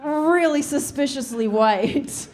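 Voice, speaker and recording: A young woman from the Soviet Union performing stand-up comedy on a club stage, telling a story in a chatty way with deadpan punchlines. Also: sits high, slow pace.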